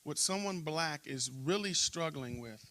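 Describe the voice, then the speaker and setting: A middle-aged man, a pastor, telling a story in a church interview and acting out shouting crowds. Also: fairly high pitch, measured pace. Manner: animated storyteller, acts out crowd chants.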